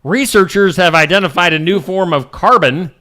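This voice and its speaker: A man with a high-pitched, pushed, bright voice hosts a morning show at a moderate pace, chatting casually. He reads odd news headlines and then riffs on them with jokes.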